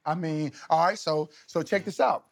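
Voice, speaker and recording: A man in his thirties, a podcast guest, telling stories in a casual, animated, slangy way, often laughing. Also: on the high side, normal speed, creaky. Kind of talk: casual storytelling.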